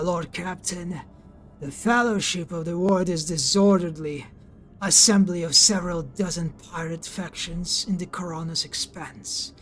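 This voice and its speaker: A man voicing a disdainful male officer who gives measured, contemptuous advice, reading game dialogue aloud. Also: fairly high pitch, a bit bright.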